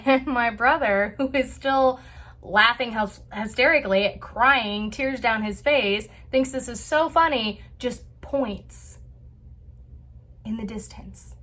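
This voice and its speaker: A woman hosting a vlog, telling a family story in a chatty, animated way with lots of filler words. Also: on the high side, slow. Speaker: vlog host. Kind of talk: casual storytelling.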